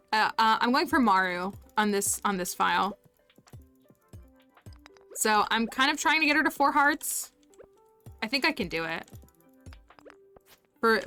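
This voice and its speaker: Casual woman game streamer, bright smooth voice, chatty and giggly, faint music underneath. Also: mid-range voice. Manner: chatty, giggly, thanks viewers. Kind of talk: casual live-stream chat while gaming.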